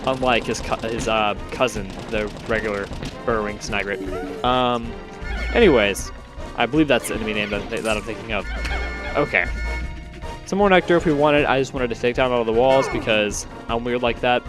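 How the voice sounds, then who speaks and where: With music playing behind him, this let's play host talks at a medium pitch and moderate pace. He's a young man, winded, giving rambling, chatty gameplay commentary and often fixing what he just said.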